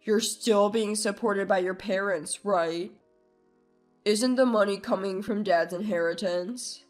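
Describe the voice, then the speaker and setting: A woman voicing a smug, entitled adult brother who talks down in a lowered, loud voice. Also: a little slow, soft background music, close to an everyday voice. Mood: dismissive. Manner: dismissive, mocking, low and loud.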